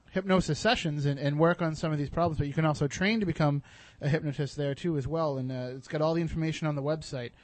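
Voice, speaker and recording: A man's voice: fairly high pitch, darkish tone, no room sound. A man hosting a radio interview, asking questions with frequent restarts and reading out show announcements. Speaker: radio host. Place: radio studio.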